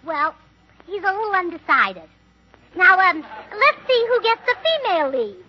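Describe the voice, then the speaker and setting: A woman's voice: extremely high pitch, very animated, measured pace. A woman playing a scatterbrained, chirpy character in a 1940s radio comedy, with a sing-song way of talking. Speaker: comedian and co-host. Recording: dull 1940s radio broadcast with studio audience and hiss.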